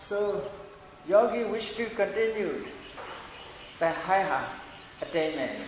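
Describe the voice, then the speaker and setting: Man, meditation teacher, slow lecture, fairly high voice, echoey hall, long reverb, faint hiss. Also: lively intonation. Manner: slow, repetitive explaining, non-native English phrasing. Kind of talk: Buddhist dharma lecture.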